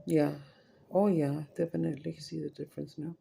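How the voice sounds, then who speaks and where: A middle-aged woman, her voice heavily gravelly and fry-laden, sitting at a lowish pitch. She rambles along while eating at home, swearing offhandedly and dropping Spanish phrases. The tone is dark and mellow. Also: flat delivery, brisk. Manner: rambling, chatty, casual swearing, drops into Spanish. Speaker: mukbang vlogger. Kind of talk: casual chat while eating on camera. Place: at home, indoors.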